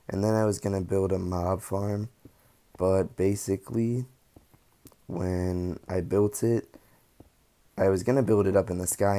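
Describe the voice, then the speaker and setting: A young man with a low, fairly monotone voice gives relaxed commentary over his game footage. He rambles a little and fills pauses with ums and likes. His tone stays mellow throughout. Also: vocal fry. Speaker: gaming channel host. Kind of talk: casual gameplay commentary.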